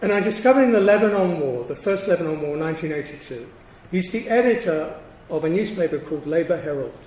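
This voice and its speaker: A man in his sixties giving an academic lecture, measured and emphatic, with deliberate pauses between phrases. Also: a little high, expressive, darkish tone. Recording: roomy, distant hall sound with faint noise.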